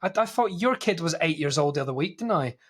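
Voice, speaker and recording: Scottish-tinged man bantering, slightly high voice. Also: expressive, fairly bright tone, husky. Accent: faint Scottish. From Scotland. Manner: teasing, swears freely, quick banter. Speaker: podcast co-host. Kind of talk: casual chat.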